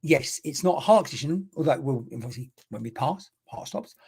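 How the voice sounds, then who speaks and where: A man's voice: medium pitch, expressive, a little fast, creaky, a little mellow, slightly rough. A man, giving a live online mediumship reading, chatty and rambling as he passes on messages and talks to viewers. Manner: chatty, rambling, exclaiming, talking to unseen spirits and viewers. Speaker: spiritual medium.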